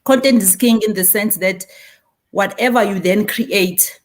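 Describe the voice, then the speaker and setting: In a measured, mid-range voice, a fortyish South African marketing speaker addresses a conference panel with animation. Her accent has a Zulu inflection, and she weaves Zulu phrases into what she says.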